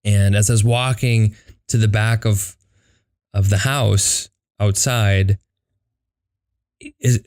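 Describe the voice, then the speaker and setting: A man's voice: on the low side, a little mellow, clean tone, no room sound, clean studio sound. A young man hosting a podcast, telling a personal story in a conversational way, with lots of fillers and acted-out quotes. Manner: conversational, many fillers, acts out quoted dialogue. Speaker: podcast host.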